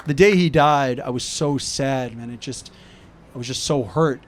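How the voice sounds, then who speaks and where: On a rooftop outdoors, a male comic from New York jokes in a conversational style and plays out dialogue with friends. He speaks in a mid-range voice at a moderate pace against a noisy background.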